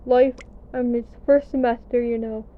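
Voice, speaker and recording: Over gameplay, a young gaming vlogger from the United States chats through a story, poking fun at herself and cursing occasionally. She speaks at a moderate pace in a higher voice with fairly even intonation. The audio sounds narrow and tinny.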